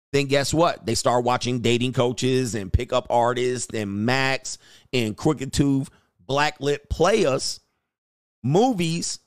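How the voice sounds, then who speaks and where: A man's voice: a little high, no room sound, clean studio sound. A man hosting a reaction channel, giving casual, profane dating commentary and acting out voices of the people he quotes.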